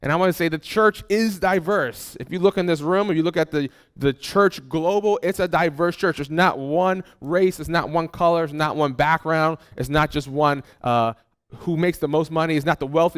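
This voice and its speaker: A man's voice: on the high side, smooth. A man preaching a sermon as pastor, earnest and repeating phrases for emphasis. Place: church hall.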